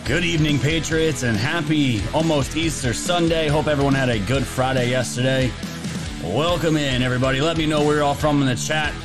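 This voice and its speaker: A man's voice: a little high, brisk. Guy hosting a live stream, rambly and joking around, music going behind him. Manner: rambling, jokey, loose with filler words. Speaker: livestream host. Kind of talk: casual political livestream talk. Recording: music playing underneath.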